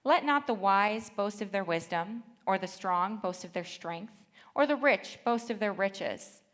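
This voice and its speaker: A woman's voice: mid-range voice, unhurried. Earnest woman preaching a sermon. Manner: earnest, reads scripture aloud and tells lively family stories. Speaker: church speaker.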